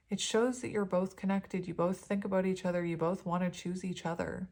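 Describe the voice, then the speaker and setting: Woman reading tarot cards, low-ish voice, lots of ums and gushing over the cards. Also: steady tone, fairly quick, hardly any pauses, darkish tone. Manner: chatty, gushing, lots of "um"s and restarts. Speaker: tarot reader. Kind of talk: pick-a-card tarot reading.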